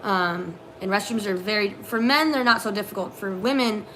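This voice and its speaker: A young woman co-hosting a casual live stream, telling animated work stories with many fillers. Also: mid-range voice, moderate pace, a little hiss or hum. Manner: animated storyteller, lots of fillers. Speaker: co-host, former theme park custodian.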